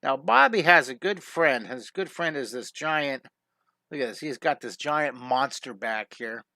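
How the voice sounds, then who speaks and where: A man's voice: mid-range voice, expressive, unhurried, vocal fry, pushed and bright, dry recording, clean studio sound. A man hosting a live online drawing lesson, chatty and upbeat, talking through each step as he draws and often restarting his sentences. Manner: frequent restarts and self-corrections. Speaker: drawing teacher and show host.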